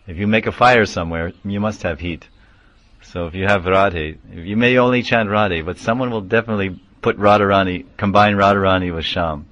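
Male spiritual teacher, lowish voice, explains terms, chants verses in a class. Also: a little fast, fairly bright tone, highs cut off. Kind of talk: scripture class.

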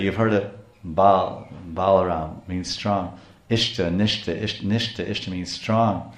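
A man's voice: sits low, steady tone, a little slow, vocal fry, roomy sound. A man giving a scripture lecture as a spiritual teacher, telling stories with frequent restarts. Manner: storytelling, acts out quotes, frequent restarts.

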